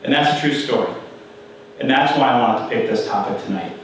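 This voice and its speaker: A middle-aged man giving a conference talk, telling a story in a conversational, animated way and acting out the people in it. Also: mid-range voice, brisk, slight background noise. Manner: conversational, animated retelling with quoted voices. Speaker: conference speaker. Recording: echoey hall from far off.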